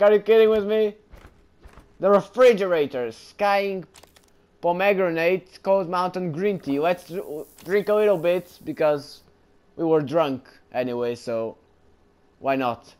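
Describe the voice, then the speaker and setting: A man giving excited let's play commentary while gaming, often calling his audience bro. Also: high voice, a little slow, smooth. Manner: excitable, keeps saying bro. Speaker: gamer.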